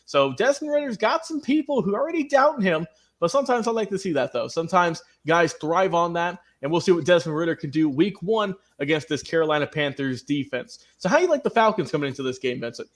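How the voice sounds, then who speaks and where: A man co-hosting a sports talk radio show, running through a team's roster in a steady, conversational way and turning to his co-host. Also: fairly high pitch, fast talker.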